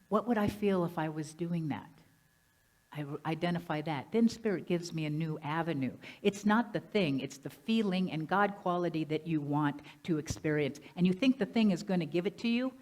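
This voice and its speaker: A woman minister giving a lively, conversational sermon, often asking the congregation questions. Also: lowish voice, moderate pace. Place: church sanctuary.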